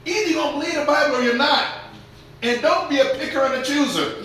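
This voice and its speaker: A high, lively male preacher in full sermon mode, booming out one moment and dropping to a murmur the next. He slips into mocking voices of grumblers in the pews. The sound carries the echo of a church hall with faint room noise. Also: brisk. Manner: animated, dramatic swings from loud shouts to quiet asides. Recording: echoey room with faint ambience.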